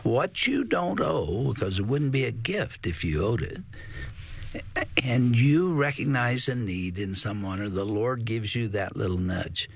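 A man hosting a faith talk show, asking measured questions. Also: mid-range voice, animated, gravelly, slightly rough, dry recording. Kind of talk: interview conversation.

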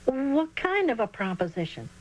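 A woman's voice: high-pitched, big pitch swings, moderate pace, voice pushed up, poor audio. A woman voicing an earnest, eager young boy in a children's storybook reading.

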